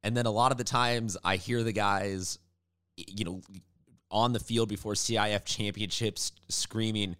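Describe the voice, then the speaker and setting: A man's voice: lowish voice, normal speed. A man hosting a local sports show, chatty and upbeat as he interviews a coach. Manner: chatty, upbeat, animated in sign-off. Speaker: sports podcast host.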